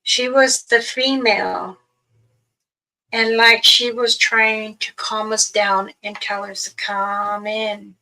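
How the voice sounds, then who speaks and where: Slow gravelly woman telling a story. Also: medium pitch, level tone, pushed and bright, poor audio. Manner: slow, halting, with long pauses. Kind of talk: slow first-person spoken storytelling.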